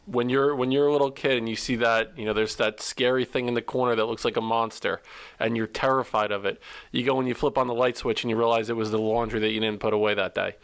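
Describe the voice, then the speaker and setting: Fast-talking blunt podcast host man. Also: medium pitch, fairly even intonation, vocal fry, fairly bright tone, clean tone. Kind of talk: casual podcast conversation.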